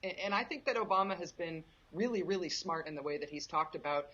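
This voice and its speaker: A woman guest giving conversational political commentary, articulate and quick, with easy laughs. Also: on the low side, fairly bright tone, lo-fi sound.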